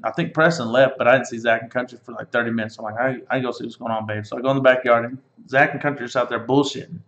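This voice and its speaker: A man in his thirties hosts a podcast, telling a profane, joking story in a casual chat. His voice is medium-pitched and fairly bright, captured in an echoey room with dull lo-fi sound.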